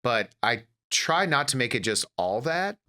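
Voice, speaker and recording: A man's voice: mid-range voice, unhurried. A man in his thirties, from Detroit, who works as a comedian and actor and tells family stories as a podcast guest, acting out the scenes as he goes. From United States, Detroit. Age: 30s. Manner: animated storyteller, acts out family scenes. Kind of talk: casual interview storytelling.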